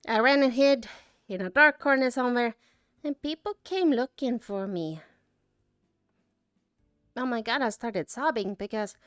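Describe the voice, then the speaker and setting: Woman, high-pitched, close dry sound, choked up, holding back tears, halting speech, many restarts. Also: fairly bright tone, smooth, dry recording, faint music behind. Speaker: artist reflecting on a convention. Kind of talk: emotional personal reflection.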